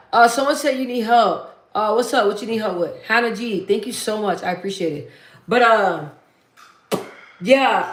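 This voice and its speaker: A woman hosts her own livestream in a deep, bassy voice with a mid-range pitch. She talks casually and bluntly, matter-of-fact, circling back over her points for emphasis. The room adds a noticeable echo. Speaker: livestream host. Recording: roomy echo.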